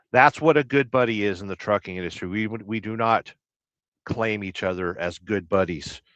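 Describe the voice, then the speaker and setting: A man hosting a trucking livestream, chatting casually and reading viewer comments aloud. He rambles through deadpan, absurd jokes at an ordinary middle pitch. The sound is dry and close, with a slightly dull, lo-fi tone. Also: no room sound. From Southern California.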